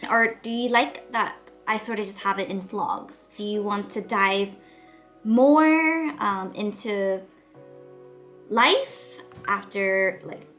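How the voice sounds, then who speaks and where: A woman in her thirties talks to her viewers in a relaxed, reflective vlog. Her delivery is soft and open, full of small fillers and trailing pauses. Faint music sits quietly under her voice. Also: medium pitch. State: nasal from a cold. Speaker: vlogger. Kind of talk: reflective casual vlog talk.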